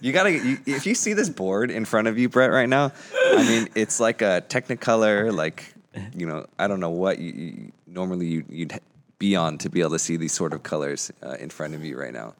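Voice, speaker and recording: A man co-hosting a podcast in casual chat, earnest and halting as he often restarts his thoughts. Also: sits low, animated. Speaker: podcast co-host.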